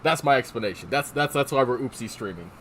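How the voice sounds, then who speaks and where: On a desk microphone, a streamer chats casually, rambling, swearing, and reading chat aloud as he answers it. His medium-pitched voice is animated, quick, and a bit bright, with a little hiss or hum.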